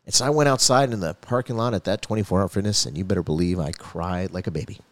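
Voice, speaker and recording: Male pastor, quick earnest testimony, dry close sound. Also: deep voice, no room sound. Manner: earnest storytelling with rising emphasis. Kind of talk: personal faith testimony.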